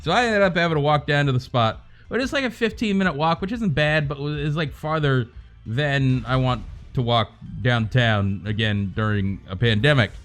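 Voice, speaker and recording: A man's voice: mid-range voice, moderate pace, fairly bright tone, soft background music. A man chatting casually on a livestream, rambling, swearing freely and joking as he rants to his viewers.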